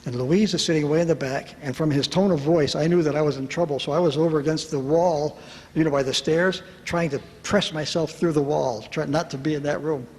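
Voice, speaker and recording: A man telling a personal story to an audience at a retreat, lively and self-mocking, acting out the voices of the people in it. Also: a little high, fairly quick. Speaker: speaker at a retreat. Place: large hall at a retreat. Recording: reverberant hall with faint background noise.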